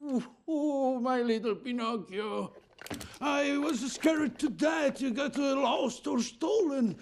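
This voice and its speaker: A man's voice: very high-pitched, takes it slowly, a little hiss or hum, heavily acted. An actor playing a greedy, bullying male puppet showman with a blustering, wheedling manner. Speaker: puppet show owner.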